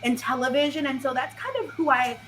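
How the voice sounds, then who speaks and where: Woman improviser, bright and slightly high, filler-heavy then bossy; faint background noise. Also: fairly even intonation, fairly quick, low-quality recording. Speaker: improv performer. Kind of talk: improv comedy scene.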